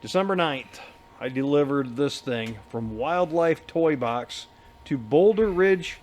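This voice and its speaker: A man's voice: medium pitch, measured pace, slight background noise. A man co-hosting a casual podcast, telling a long story in a rambling, profane way and laughing as he goes. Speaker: podcast co-host. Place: bar.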